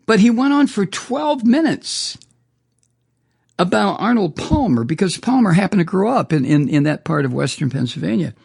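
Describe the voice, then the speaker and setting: A male talk host rants through a political monologue, indignant and profane, often tripping over his own words. His voice sits a bit high and gravelly, and it swings widely up and down as his outrage builds. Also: sing-song, normal speed, darkish tone. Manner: indignant, profane ranting with repeated stumbles.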